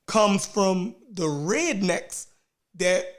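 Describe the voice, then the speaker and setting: A man hosting a casual discussion, talking slowly and hesitantly with lots of "um" and "right". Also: high-pitched, lively intonation.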